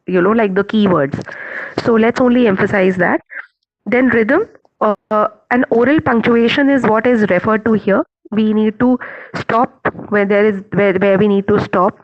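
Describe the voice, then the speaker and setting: A woman with an Indian accent giving an online teacher-training talk, measured and earnest, with many fillers and restarts. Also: a little high, dry recording. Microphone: video call. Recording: dull lo-fi call audio.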